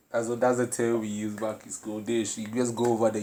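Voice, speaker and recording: A man's voice: on the low side, little pitch movement, fairly quick, few pauses, noisy background. A man hosting a reaction video, commenting casually and laughing, often repeating words while he searches for them.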